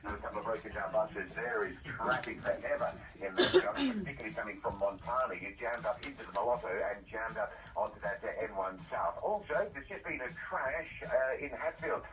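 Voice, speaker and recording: A man giving a radio traffic report in a brisk, matter-of-fact way. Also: fairly low pitch, lively intonation, recorded from a distance. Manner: brisk, matter-of-fact reading of road conditions.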